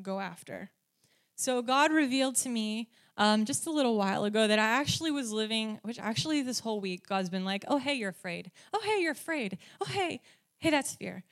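A woman's voice: on the high side, smooth. A woman giving a casual faith teaching, talking conversationally with many "like" and "um" fillers and frequent checks of "right?" and "okay?". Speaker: Christian speaker teaching on faith.

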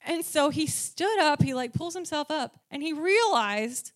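Animated woman preaching a sermon. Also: a little slow. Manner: animated, rising in pitch and volume when telling stories; asks the audience questions.

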